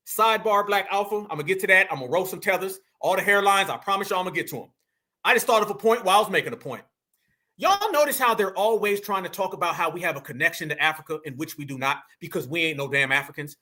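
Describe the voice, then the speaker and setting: Animated, bright-voiced man ranting. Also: sits high. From New York. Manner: emphatic, preachy, animated, addresses audience as fam. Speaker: political commentary host. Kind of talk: fiery monologue to viewers.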